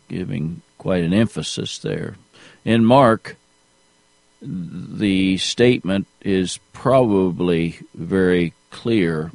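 A man preaching a sermon in a slow, deliberate way, rising to emphasis at key points. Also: low voice, vocal fry, darkish tone, no echo.

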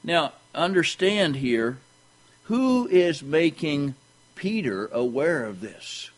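Man, preacher, slow unhurried sermon, reads verses, repeats words, rises in pitch on key points. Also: sing-song, poor audio. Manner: repeats words and restarts, reads scripture aloud; pitch jumps higher when pressing a point.

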